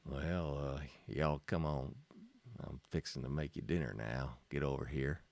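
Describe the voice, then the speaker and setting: A man's voice: extremely low pitch, fairly even intonation, measured pace, vocal fry, darkish tone, no room sound, pitched below the performer's own voice, heavily acted. A man putting on a folksy Southern US voice, playing a country cook calling people in to dinner, with a homey drawl.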